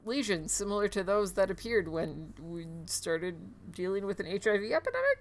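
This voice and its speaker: A woman's voice: mid-range voice, big pitch swings, normal speed. A woman streamer casually commenting on a game and reading in-game emails aloud, with sarcastic asides and frequent laughter.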